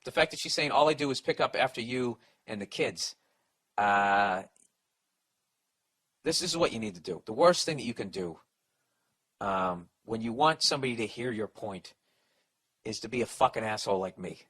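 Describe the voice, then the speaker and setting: A man's voice: fairly low pitch, lively intonation, moderate pace, pauses often, a bit bright. Blunt, swearing man ranting advice. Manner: blunt, swearing, self-deprecating. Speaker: podcast host giving advice. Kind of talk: profane comic advice rant.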